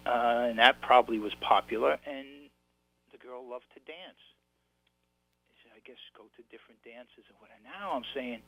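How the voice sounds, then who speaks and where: A man, an author being interviewed, telling an animated story with many restarts. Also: medium pitch, normal speed, poor audio. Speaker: author guest. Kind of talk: casual interview chat. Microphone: online show.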